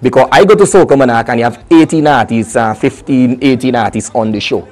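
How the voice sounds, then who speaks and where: A young adult man, a soca artist chatting lively and casually in an interview. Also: medium pitch, a little fast. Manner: lively, chatty, full of restarts and local phrasing.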